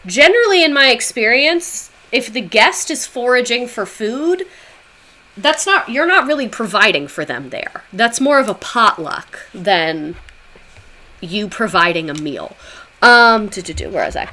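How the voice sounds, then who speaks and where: A woman's voice: fairly high pitch, sing-song, measured pace, sharp tone. A woman livestreaming a casual history talk, chatting with viewers in a sarcastic, chatty way with swearing asides.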